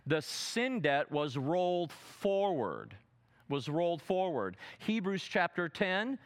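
A man teaching a sermon seminar, dramatic, asking the audience questions and swinging from loud emphatic quotes to soft asides. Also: high voice, sing-song, slow, clean tone. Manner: asks the audience fill-in questions. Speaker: preacher.

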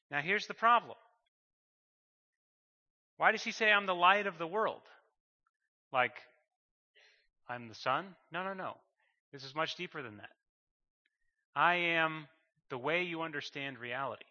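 A man's voice: fairly high pitch, animated, unhurried, long pauses, sharp tone. A man preaching a sermon in an emphatic way, repeating phrases and building to fervent bursts. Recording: muffled sound with long hall reverb.

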